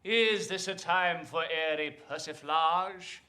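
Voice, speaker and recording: An actor playing a flustered Victorian comic actor in rehearsal, theatrical in manner. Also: male voice, high-pitched, sing-song, measured pace, pushed and bright, roomy sound, exaggerated voice. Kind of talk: period film acting.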